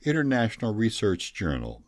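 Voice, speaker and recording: A man voicing an excitable, fussy male scientist with a thick German accent, exclaiming in amazement. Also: on the low side, moderate pace, no echo, studio quality. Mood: amazed. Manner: exclaiming, mutters.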